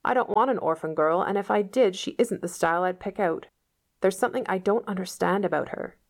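A woman voicing a stern, sharp-tongued middle-aged woman who speaks curtly and reproachfully. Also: medium pitch, brisk, lightly acted. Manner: curt, reproachful.

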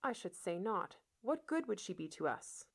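A woman's voice: mid-range voice, sing-song, gravelly, pitched above the performer's own voice. A woman doing a stern, scolding spinster. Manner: brisk, scolding. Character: stern older spinster woman, sharp-tongued.

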